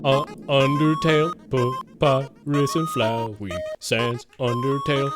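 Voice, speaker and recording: A man's voice: mid-range voice, steady tone, slow pace. A man streaming a game live, rambling and swearing casually and humming along with the soundtrack. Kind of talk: live let's play commentary. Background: game music.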